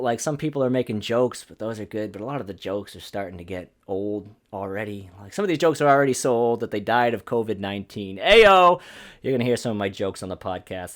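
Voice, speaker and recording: Male podcast host, ranting and self-deprecating, very animated delivery, taped at home. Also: fairly low pitch. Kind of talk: ranting comedic monologue. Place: home apartment.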